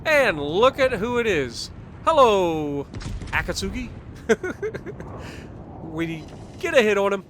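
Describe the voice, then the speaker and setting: Bright, upbeat man narrating gameplay. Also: sits high, big pitch swings, slow pace, pauses often, a little hiss or hum. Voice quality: chuckles often, upbeat and talkative. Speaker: gaming commentator. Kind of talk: casual gameplay commentary.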